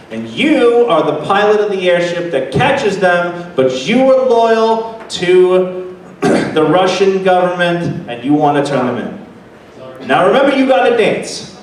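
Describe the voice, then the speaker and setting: A man's voice: high voice, a little hiss or hum. A man hosting a live improv comedy game, playful and directing the players while laughing often. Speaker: improv host. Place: convention hall. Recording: echoey hall, distant mic, audience.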